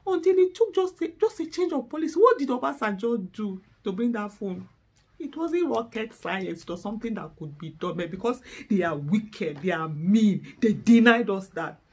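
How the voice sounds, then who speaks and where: A woman's voice: mid-range voice, sing-song, normal speed, husky. A middle-aged Nigerian woman with a Nigerian accent, delivering an impassioned, emotional speech to camera, fervent and close to tears. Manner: fervent, rising to exasperated outbursts. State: tearful, close to breaking down. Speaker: activist.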